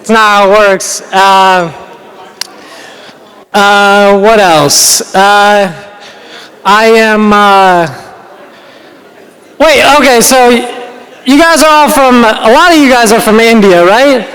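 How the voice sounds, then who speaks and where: A man's voice: high-pitched, slow pace, pauses often, fairly bright tone, smooth. A man from the United States doing a stand-up comedy set, rambling and self-deprecating, often laughing at his own jokes. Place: large banquet hall. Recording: reverberant hall.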